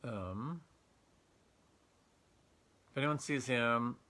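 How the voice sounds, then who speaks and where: Man, young adult, livestream host, very bright voice, casual chatty greetings, Bluetooth earpiece mic. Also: medium pitch, drawn-out words. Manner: upbeat, greets viewers by name, many fillers.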